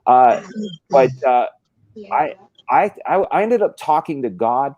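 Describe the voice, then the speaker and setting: A man's voice: medium pitch, animated, measured pace, a little mellow, muffled recording. Rambling, foul-mouthed man telling stories. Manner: rambling storyteller, swears freely, many restarts. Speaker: stream host. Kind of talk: casual live-stream chat.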